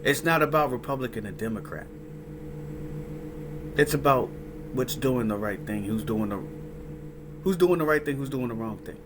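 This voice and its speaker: A man hosts a casual reaction commentary in a mid-pitched voice, rambling and swearing freely. He keeps prodding the listener with "right?" and "huh?". Steady noise hums behind him. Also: moderate pace, long pauses. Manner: profane, rambling, asks "right? huh?" over and over. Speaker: host reacting to a clip.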